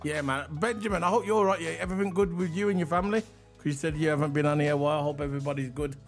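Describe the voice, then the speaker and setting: A man's voice: a little high, racing, faint music behind. A man co-hosting a casual livestream, chatty and rambling, hyping the chat and reading transfer news. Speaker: livestream co-host.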